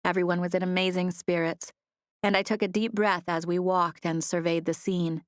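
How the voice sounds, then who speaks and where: A woman reading a novel aloud in first person, in a measured storytelling manner, on a close studio mic. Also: fairly low pitch, level tone, dry recording. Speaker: audiobook narrator. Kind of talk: scripted first-person narration.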